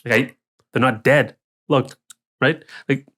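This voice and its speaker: This dungeon master has a medium-pitched, sharp voice with a steady tone, and he speaks slowly. Co-hosting a casual tabletop gaming podcast, he chats in a rambling way with restarts and plays the townsfolk's lines.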